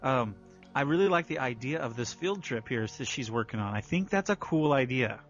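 A man co-hosting a podcast in casual chat, animated and quick to laugh. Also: mid-range voice, faint music behind. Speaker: podcast co-host. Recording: slightly dull lo-fi sound.

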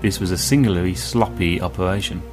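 A low-voiced man narrates a science-fiction story with a measured, even delivery. Soft music runs quietly behind the reading. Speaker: audiobook narrator. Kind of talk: scripted narration.

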